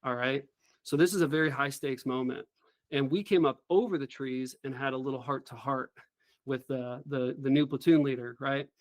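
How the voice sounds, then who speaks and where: A middle-aged man recounts his story with earnest, lively energy. His voice sits at an ordinary pitch. The recording is close and dry, with no room sound. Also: normal speed, dry recording. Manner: earnest, animated storytelling with acted quotes. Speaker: guest, former helicopter pilot. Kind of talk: interview storytelling.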